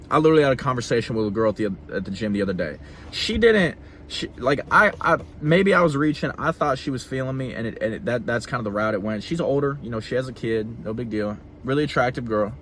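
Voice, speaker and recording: A man's voice: mid-range voice, fairly bright tone, a little hiss or hum. A young man vlogging in an earnest talking-head monologue, emphatic and repeating himself for stress. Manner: emphatic, repeats phrases, quick laughs.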